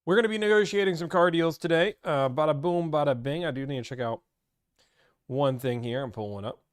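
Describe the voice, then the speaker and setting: A young man hosting a casual livestream, talking in an energetic, rambling and playful way. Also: on the high side, brisk, smooth. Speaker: livestream host and car deal negotiator.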